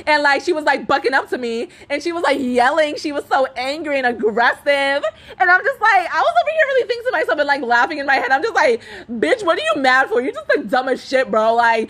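Animated young woman ranting with laughs. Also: high voice, fast talker. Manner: profane, animated, laughing through the story. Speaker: podcast host. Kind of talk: ranting storytime monologue.

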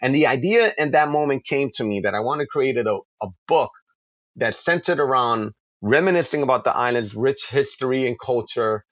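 A man's voice: medium pitch, no echo, dull audio. A man, a comic book creator, answering interview questions with passionate, flowing stories. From New York. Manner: passionate, quick-flowing, with acted asides. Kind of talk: animated storytelling in an interview.

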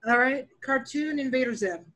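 A woman's voice: on the high side, a bit bright, low-quality recording. A woman guest on a podcast, a dungeon master, chatting candidly and laughing at herself. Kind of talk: casual interview chat.

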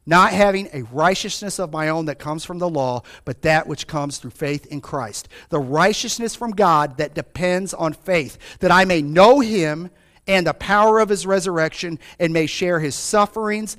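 A male pastor with a notably high voice delivers a fervent sermon. He swings between fired-up, raised passages and hushed, low stretches. He keeps turning to the congregation with direct questions. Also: moderate pace. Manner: fervent, rises and drops sharply in pitch and volume; calls out to the congregation.

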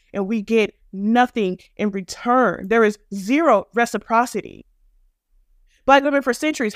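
A woman's voice: on the high side, dry recording, clean studio sound. Blunt, profane woman podcast host. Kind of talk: opinionated commentary monologue.

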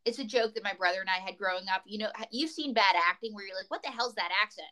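A woman's voice: mid-range voice, fast, sharp tone, low-quality recording. A woman comedian telling rambling, tangent-filled stories as a guest in a casual chat. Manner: rambling, tangent-prone storytelling.

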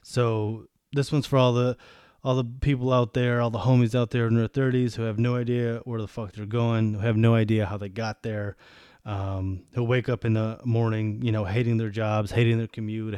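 A man's voice: fairly low pitch, a little mellow, clean tone, dry recording, studio quality. A man in his thirties from the United States, hosting a podcast in a casual, profane rant. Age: 30s. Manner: profane, ranting. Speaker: podcast host. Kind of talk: casual monologue.

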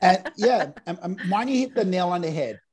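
A man guest on a podcast, his voice a little husky and swinging up and down. He gives advice emphatically, in an encouraging tone. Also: sits high, expressive, normal speed, darkish tone. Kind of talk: casual chat.

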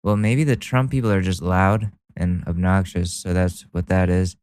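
Sarcastic young man, smooth low voice. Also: steady tone, moderate pace, darkish tone, dry recording. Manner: sarcastic, profane, laughing often. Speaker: commentary streamer. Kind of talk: mocking reaction commentary.

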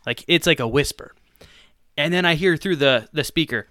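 Telling a long, self-deprecating story at a moderate pace, this sports podcast co-host keeps breaking into laughter. The dry recording captures his smooth, bright voice up close, a touch high for a man and without any room around it.

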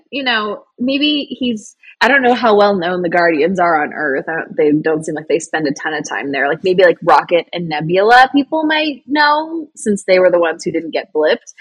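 A woman's voice: fairly low pitch, normal speed, breathy edge, dry recording. A woman co-hosting a podcast, chatting casually and enthusiastically about a film, laughing often. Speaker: podcast co-host. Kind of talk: casual chat recapping a film.

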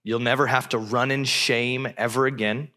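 Male pastor, sermon delivery, animated storyteller, bright and forceful tone. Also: mid-range voice, moderate pace. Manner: animated preacher who acts out voices.

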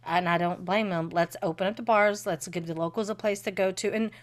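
A woman co-hosting a podcast in casual chat, animated, swearing freely and laughing often. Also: fairly low pitch, brisk. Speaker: podcast co-host.

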